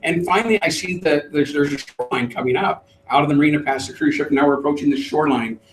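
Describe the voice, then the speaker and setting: A middle-aged man, a trainer, telling a lively story to a live group and acting out the voices. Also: on the high side, quick pace. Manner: animated storyteller, acts out voices. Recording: roomy, distant mic.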